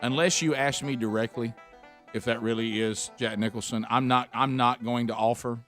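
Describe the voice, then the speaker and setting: A man's voice: mid-range voice, fairly even intonation, fairly bright tone, soft background music. A man hosting a radio talk show, chatting casually with many restarts. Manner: chatty, stumbling restarts, quick laughs.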